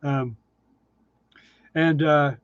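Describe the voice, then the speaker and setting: Man, 60s, livestream host, casual and self-deprecating, somewhat high voice, dry lo-fi sound. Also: fairly even intonation, extremely slow, clear, resonant tone, dry recording. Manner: chatty, self-deprecating, answers viewer questions. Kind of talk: casual live chat reading comments.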